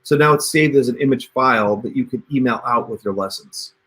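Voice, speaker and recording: Talking through a computer mic, this male livestream host guides viewers through steps on screen in a casual tutorial. His mid-range voice is brisk and fairly bright, and he keeps things chatty, addressing everyone as "you guys."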